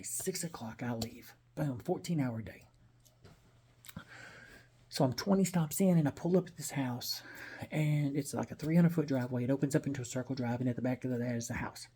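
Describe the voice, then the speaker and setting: A man's voice: medium pitch, dark tone, breathy edge. A man telling a personal story in a casual, blunt, profane and rambling way.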